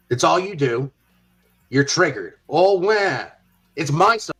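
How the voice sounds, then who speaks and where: A man unloading an angry rant, heated and foul-mouthed, his voice pitched a bit high for a man. He talks in a confrontational, profane way. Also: lively intonation, slow, pauses often, fairly bright tone, slightly rough, rough recording. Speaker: father speaking on a live panel.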